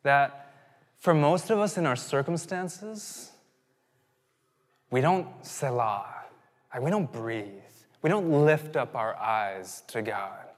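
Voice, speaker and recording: A man in his thirties preaching a sermon, telling a personal story in a casual, conversational way that keeps circling back and then builds to emphatic peaks. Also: a little high. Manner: conversational, self-interrupting, rising to emphatic peaks. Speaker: pastor. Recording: long hall reverb.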